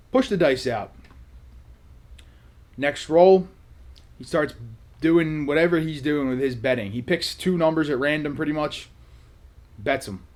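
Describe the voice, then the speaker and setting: Sarcastic man telling a story in a vlog. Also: a little high. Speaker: vlog host.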